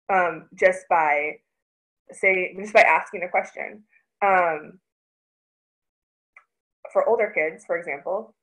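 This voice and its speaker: A woman in her thirties with a somewhat low voice gives an informal parenting presentation. She talks in a halting, searching way and keeps restarting her sentences as she looks for the right word. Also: a bit bright, low-quality recording.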